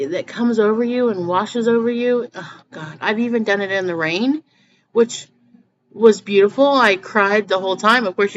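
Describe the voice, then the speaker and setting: A woman's voice: medium pitch, a bit bright. A woman talking earnestly to her viewers in a rambling personal vlog, often restarting her sentences. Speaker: spiritual vlogger. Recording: slightly muffled with faint background noise.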